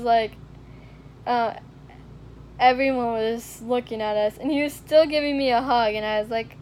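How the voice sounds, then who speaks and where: A woman's voice: sits high, a little mellow. A teenage girl telling a personal story to camera, rambling with lots of fillers and "like". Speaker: vlogger. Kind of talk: casual storytelling vlog.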